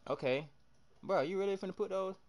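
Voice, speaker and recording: A young man streaming live, excitably commenting on his game, shouting at teammates and chatting with viewers in heavy slang. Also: high voice, fairly quick. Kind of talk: live gameplay commentary and chat reading.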